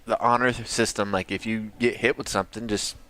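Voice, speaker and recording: A man's voice: lowish voice, flat delivery, a little fast, fairly bright tone. A man co-hosting a casual comedy podcast, rambling and swearing freely. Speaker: podcast co-host. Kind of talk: casual chat.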